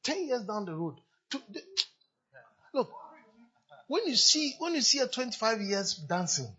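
A man's voice: extremely high pitch, big pitch swings, a little slow, sharp tone, husky, dull audio. A man preaching a sermon as a pastor, speaking emphatically and repeating his exhortations to the congregation.

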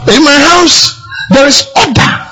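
A man preaching a sermon, forceful and emphatic, often shouting. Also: very high voice, unhurried, over music, poor audio. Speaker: pastor.

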